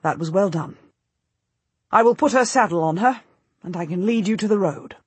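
A woman's voice: mid-range voice, normal speed, breathy edge, dry recording, natural voice. Woman voicing an earnest young knight. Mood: puzzled. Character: earnest young male knight, devoted and anxious.

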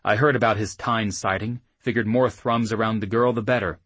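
A man voicing a quick-witted, guarded half-orc rider who explains himself carefully. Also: fairly low pitch, steady tone, fairly bright tone, slightly rough, no echo. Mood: wary.

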